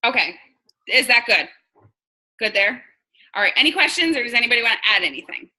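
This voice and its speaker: A woman's voice: on the high side, expressive, brisk, pushed and bright, poor audio. A woman in her thirties from New York, a sales team leader coaching her team in casual, blunt talk and acting out conversations. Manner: chatty, blunt, acts out quoted dialogue.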